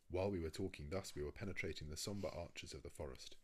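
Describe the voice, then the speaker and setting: A man narrating a classic adventure novel in a measured, even reading. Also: sits low, slightly rough. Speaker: audiobook reader.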